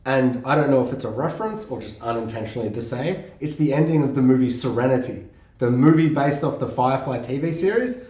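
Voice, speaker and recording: Excitable man in an echoey room. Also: mid-range voice, fast talker. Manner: excitable, swears, hums music and imitates sounds. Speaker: podcast co-host. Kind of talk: casual chat.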